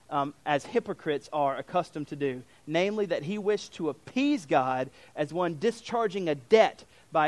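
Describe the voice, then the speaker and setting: A young adult man, a pastor, preaching a sermon in an animated way, acting out quoted voices with fillers and restarts. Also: on the high side, dry recording.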